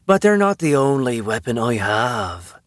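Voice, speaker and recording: A man's voice: mid-range voice, sing-song, measured pace, no echo, studio quality. A man voicing a playful, fierce Irish vampire woman in an audiobook, with a wry, teasing manner. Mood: menacing. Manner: wry, flirtatious banter.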